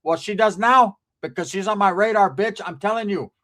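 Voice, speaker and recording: A man voicing his foul-mouthed aunt as she scolds and threatens him over the phone, in a slightly raised, louder voice. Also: high voice, moderate pace. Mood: angry scolding. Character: foul-mouthed angry middle-aged aunt, woman.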